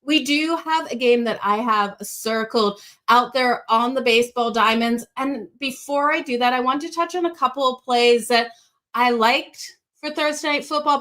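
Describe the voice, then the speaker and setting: A woman's voice: on the high side, bright, forceful tone. A woman with a slight Australian accent hosting a sports betting show, giving upbeat picks and talking straight to viewers. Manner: upbeat, addresses viewers directly.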